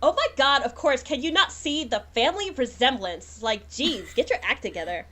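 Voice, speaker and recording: A woman's voice: high-pitched, expressive, moderate pace, bright, forceful tone, pitched above the performer's own voice, exaggerated voice. A woman voicing a spoiled, scheming young wife who talks in a whiny, petulant way and swears a lot.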